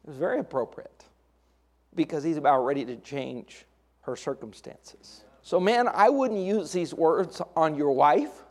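A middle-aged man with a notably high-pitched voice preaches a sermon. He moves between soft, intimate passages and raised, emphatic declarations. Along the way he drops in dry, folksy asides. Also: lively intonation, a little slow. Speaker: pastor.

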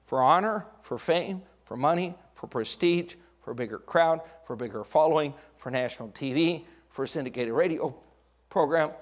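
Male preacher, middle-aged, sermon delivery with sudden climbs and acted-out lines. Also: on the high side. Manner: preaching with dramatic rises, acting out quoted voices. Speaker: pastor.

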